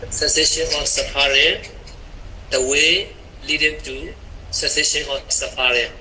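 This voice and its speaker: Monk student, slow halting answers, very bright voice. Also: male voice, on the high side, a little hiss or hum, poor audio. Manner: halting, searching for words.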